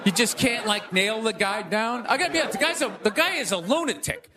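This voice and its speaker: A man hosting a comedy show, delivering a rambling stand-up monologue with exasperated loud bursts. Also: high voice, animated, fairly quick, background noise. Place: stage before a live audience. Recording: live show with crowd laughter.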